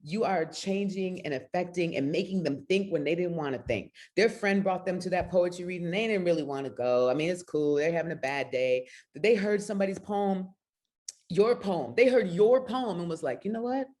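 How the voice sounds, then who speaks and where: A woman's voice: on the low side, normal speed, a little mellow. A middle-aged woman spoken word poet talking earnestly on a video call, emotional and close to tears. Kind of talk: casual talk on a video call.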